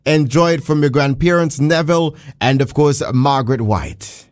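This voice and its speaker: A man's voice: a little high, moderate pace, dry recording. A man from Montserrat, a radio host chatting casually in a studio, laughing often and stumbling over words. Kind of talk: casual morning radio chat.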